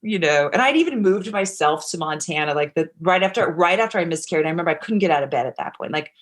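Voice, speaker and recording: A woman's voice: lowish voice, lively intonation, quick pace. A woman actor as a podcast guest, telling a candid personal story in a rambling way, full of restarts, acted-out quotes and casual swearing.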